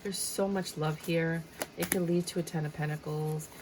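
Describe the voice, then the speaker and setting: A woman's voice: sits low, fairly even intonation, normal speed, noisy background. A woman giving a casual tarot reading, chatty and dramatic, sometimes slipping into a sing-song tone. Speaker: tarot reader.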